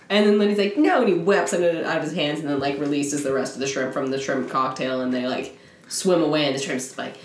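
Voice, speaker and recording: A woman co-hosting a casual chat, mocking a movie with giggles and lively, exaggerated retellings. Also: low voice, fairly quick, echoey room, a little hiss or hum. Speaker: podcast co-host.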